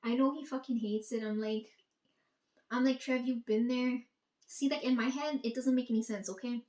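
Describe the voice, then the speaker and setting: A woman's voice: a little high, fairly even intonation, fairly quick, darkish tone. A woman in a casual, profane monologue, ranting and quoting herself and her family. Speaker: vlogger. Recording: echoey room.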